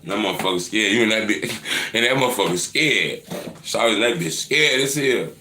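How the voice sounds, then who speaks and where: A man in his thirties hosting a casual live Q&A, answering viewer questions with profane, teasing banter that swings into loud mocking rants. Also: on the low side, lively intonation, normal speed, roomy sound, slight background noise. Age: 30s.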